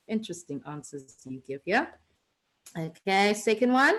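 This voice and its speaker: A woman's voice: mid-range voice, big pitch swings, measured pace, fairly bright tone, low-quality recording. A woman teaching an online revision lesson, chatty and teasing, with many fillers and restarts.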